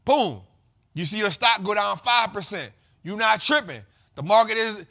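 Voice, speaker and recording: Man, high voice, bright tone, slangy, repetitive, casual investing talk. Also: normal speed, gravelly. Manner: slangy, repetitive, animated explaining. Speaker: host.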